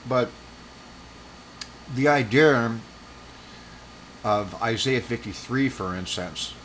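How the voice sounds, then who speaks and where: Man, mid-pitched, argumentative, rambling, heated, faint background hiss. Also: slow, a bit bright, poor audio. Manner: rambling with restarts. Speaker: religious commentator. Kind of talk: casual monologue.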